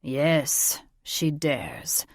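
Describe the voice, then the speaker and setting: A woman's voice: on the low side, slow, darkish tone, no echo, clean studio sound. A woman voicing a big, protective old dragon grandfather. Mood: wry. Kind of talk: audiobook character voice.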